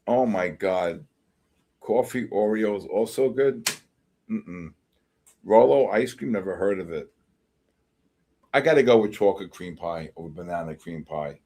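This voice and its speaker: Brief: middle-aged man, livestream host, casual, animated, mock-exasperated banter. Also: sits low, a little slow, long pauses. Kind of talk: casual chat reading live comments.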